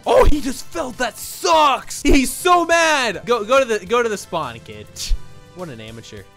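An excitable man gives gameplay commentary with constant laughter and sudden shouts. His voice sits high and bright and swoops widely up and down. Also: unhurried, faint music behind. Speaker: gaming YouTuber.

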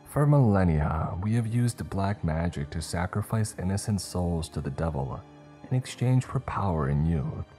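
A man's voice: low voice, animated, normal speed, mellow, faint music behind. A man voicing a vain, chatty cult witch who shrieks and hisses at children. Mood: rambling. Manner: hissing, indignant, rambling.

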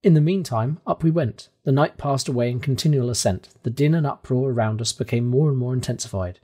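A man narrating a classic novel aloud in a steady, measured first-person storytelling manner. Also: medium pitch, breathy edge. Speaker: audiobook reader.

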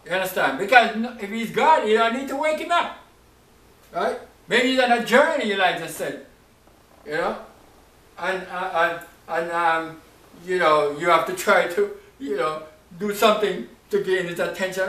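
A man preaching in a casual, talkative way with a fairly high voice. He keeps checking in with his listeners as he goes. The sound is roomy and echoey, picked up from some distance off the mic. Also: expressive, normal speed, sharp tone. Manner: conversational, repeats "right?" and "you know". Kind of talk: informal Bible teaching.

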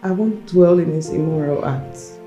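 A woman's voice: low-pitched, mellow, soft background music, close to an everyday voice. A woman playing a cold, wounded Nigerian wife. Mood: bitter. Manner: firm, cold, measured. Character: heartbroken, cold young wife seeking revenge.

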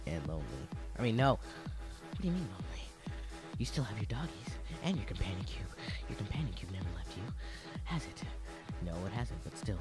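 Rambling young man with a lively voice. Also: deep voice, fast, soft background music. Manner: rambling, talks to himself in silly voices. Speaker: gaming commentator. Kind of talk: let's play commentary.

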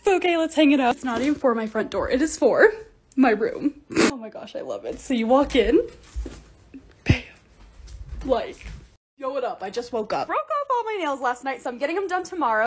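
Bubbly high-voiced young woman vlogging. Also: a little hiss or hum. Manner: bubbly, chatty, upbeat. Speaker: lifestyle creator. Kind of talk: casual vlog narration.

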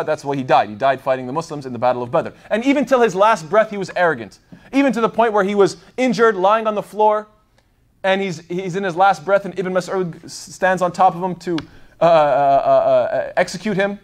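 Male lecturer, casual storytelling lesson, high voice, quick and digressive. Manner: digressive, thinks aloud with many fillers. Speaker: Islamic lecturer. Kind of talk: casual explanatory talk.

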